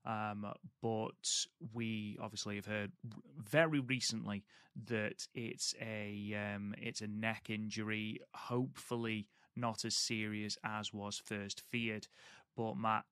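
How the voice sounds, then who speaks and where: A man's voice: fairly low pitch, little pitch movement, takes it slowly, fairly bright tone, smooth, dry recording, studio quality. A man co-hosting a podcast in casual chat, telling stories with lots of ums. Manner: chatty, storytelling, frequent ums. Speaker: podcast co-host.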